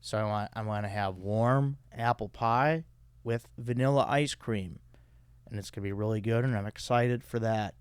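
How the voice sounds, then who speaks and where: A man's voice: lowish voice, moderate pace, smooth, no room sound. A man hosting a podcast, chatting casually and rambling with many fillers into a close mic. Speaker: podcast host. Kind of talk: casual comedic chat.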